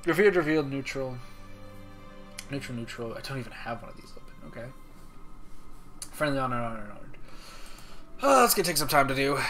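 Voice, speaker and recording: A man's voice: medium pitch, very animated, fairly quick, pauses often, over music. A man streaming a video game, talking to himself in playful, rambling chat. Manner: playful, rambling self-talk.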